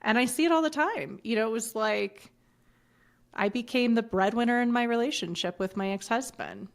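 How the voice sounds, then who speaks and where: A woman's voice: fairly high pitch, normal speed, vocal fry. A middle-aged woman telling a personal story as a podcast guest, bluntly and with swearing, acting out the lines of others. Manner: blunt and animated, swears freely, acts out quoted dialogue. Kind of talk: candid storytelling in conversation.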